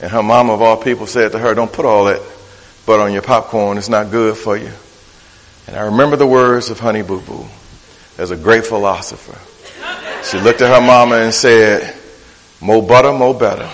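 A man's voice: lowish voice, fairly even intonation, brisk, fairly bright tone, in a large hall, poor audio. A man preaching a sermon, with a rhythmic, playful preacherly delivery that repeats words for emphasis. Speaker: pastor. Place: church.

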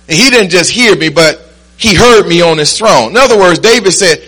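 A preacher man with a high, bright, ringing voice. He works the congregation with call-and-response, sometimes low and close, often building into shouted lines. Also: animated, moderate pace, husky, poor audio. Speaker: pastor. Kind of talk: sermon.

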